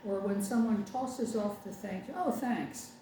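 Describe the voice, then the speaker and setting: A woman's voice: medium pitch, fairly even intonation, normal speed, warm tone. An older woman minister giving a chatty, wry sermon with sarcastic asides. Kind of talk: conversational sermon. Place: congregation meeting room. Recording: echoey room from far off with faint background noise.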